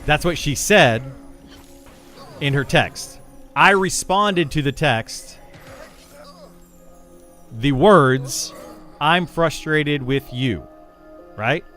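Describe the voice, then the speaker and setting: A man's voice: fairly high pitch, a bit bright. A man streaming live, chatting casually and rambling, often repeating words and restarting sentences as he explains himself to his chat. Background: faint music.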